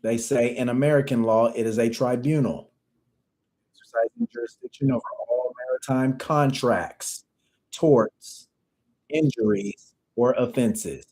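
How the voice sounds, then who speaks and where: In an unhurried, mellow mid-range voice over poor audio, a man teaches a livestream class casually. He reads definitions from dictionaries and repeats phrases for emphasis.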